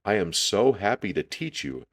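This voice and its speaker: A man's voice: lowish voice, sing-song, normal speed. A man doing an eager young monster boy. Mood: earnest.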